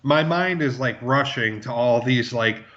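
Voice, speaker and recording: A man co-hosts a video game podcast remotely, talking in a relaxed, somewhat hesitant way. His voice sits at an ordinary pitch. The call audio sounds dull and lo-fi. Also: unhurried, a little hiss or hum. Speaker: podcast co-host. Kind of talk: casual chat. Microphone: remote call mic.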